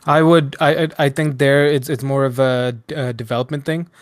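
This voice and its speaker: A man's voice: mid-range voice, fairly even intonation, moderate pace, no room sound, clean studio sound. A man co-hosting a casual gaming podcast, rambling and hedging with lots of ums as he thinks aloud. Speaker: podcast co-host.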